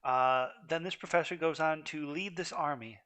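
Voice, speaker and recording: A man's voice: on the high side, normal speed, fairly bright tone, clean tone. A man hosting a gaming video, commenting casually in a rambling, amused way. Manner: rambling, amused, many fillers and restarts.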